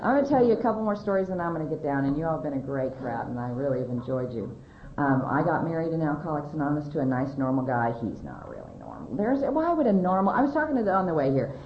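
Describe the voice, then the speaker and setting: This middle-aged woman from California speaks in a quick, sing-song voice as she tells an audience about her recovery. The testimony wanders along, packed with fillers and false starts, and the recording has hall echo, a dull lo-fi quality, and a low rumble.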